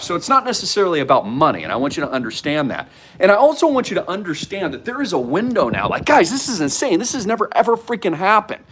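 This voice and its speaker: Male host, 30s, slightly high voice with a very lively, bouncing delivery, salesy and excitable. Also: fast, slightly rough. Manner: excitable, salesy, heavy use of "like" and "freaking". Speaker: crypto investment channel host. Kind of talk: energetic hype monologue to camera.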